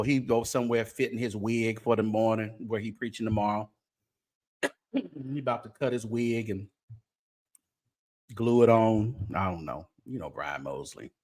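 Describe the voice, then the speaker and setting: A man hosting a late-night livestream of gossip commentary, chatty and teasing, talking straight to his viewers with drawn-out exclamations. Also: fairly low pitch, fairly bright tone. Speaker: show host.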